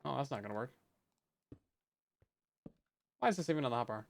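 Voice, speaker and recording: A man's voice: mid-range voice, animated, a little fast, vocal fry. A man streaming a game, chatting casually with viewers in a joking way and often repeating words as he restarts. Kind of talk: casual live-stream chat while gaming.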